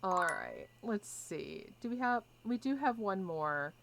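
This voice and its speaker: A woman's voice: mid-range voice, wildly swooping pitch, slow, creaky, a bit bright, slight background noise. Joking woman streamer. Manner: joking, reads dialogue choices aloud with sarcastic asides. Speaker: gaming streamer. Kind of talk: let's play commentary.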